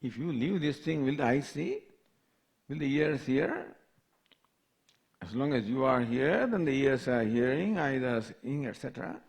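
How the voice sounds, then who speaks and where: An older man, a spiritual teacher, leads a scripture class with a mid-range, expressive voice touched by vocal fry. He recites Sanskrit verses and slowly asks the same questions over and over.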